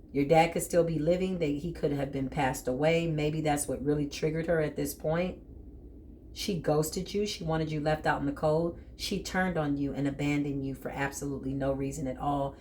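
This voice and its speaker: Woman, low pitch, emphatic, spiritual tarot reading, faint background noise. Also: darkish tone. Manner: blunt, emphatic, talks straight to the viewer. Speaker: tarot reader.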